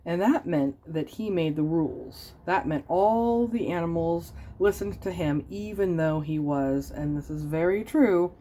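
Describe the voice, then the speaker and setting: A woman reading a children's picture book aloud in a soft, gentle storytelling manner. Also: lowish voice, a little slow, hardly any pauses, a little hiss or hum. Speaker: storybook reader.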